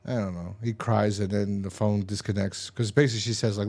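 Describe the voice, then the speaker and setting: A man's voice: fairly low pitch, steady tone, brisk, a little mellow. A man casually recapping a TV episode, rambling and swearing, with exasperated asides. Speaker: TV episode reviewer.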